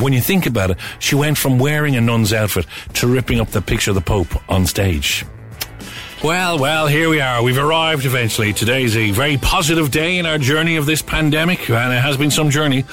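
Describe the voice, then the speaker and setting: A man's voice: medium pitch, fairly quick, a bit bright, soft background music. A man presenting a radio show in a chatty manner, with wry asides. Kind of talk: casual radio chat.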